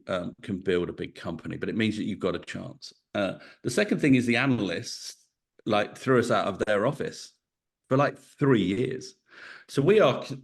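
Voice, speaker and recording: A middle-aged man answering interview questions in a reflective, storytelling way, thinking aloud as he goes. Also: fairly low pitch. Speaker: podcast guest, venture investor.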